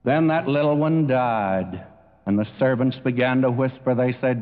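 A man preaching a sermon in a slow, earnest way that swells to emphatic peaks. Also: medium pitch. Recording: tinny narrow-band recording with long reverb.

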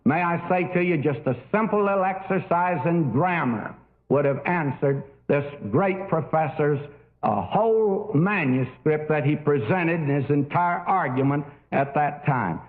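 A man's voice: fairly high pitch, unhurried. An older man preaching a sermon in a folksy, storytelling way with many fillers. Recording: tinny phone-like old recording.

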